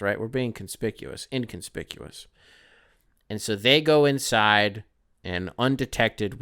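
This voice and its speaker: A man's voice: medium pitch, fairly bright tone, clear, resonant tone, no room sound, studio quality. A man from the Detroit area hosting a podcast, telling a casual story that rambles, with plenty of fillers and swearing. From Detroit area, Michigan. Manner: rambling, profane, lots of fillers. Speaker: podcast host.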